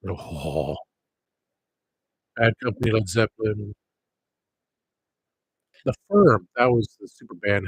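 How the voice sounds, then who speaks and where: A man's voice: lowish voice, breathy edge, dry recording, rough recording. A man chatting casually on a livestream, rambling from one thing to the next and grumbling about people.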